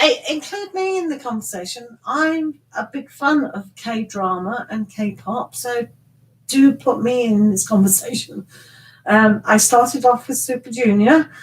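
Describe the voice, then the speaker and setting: A woman's voice: on the high side, rough recording. A middle-aged woman chatting casually with viewers as a tarot reader on a live stream, rambling and teasing with laughs.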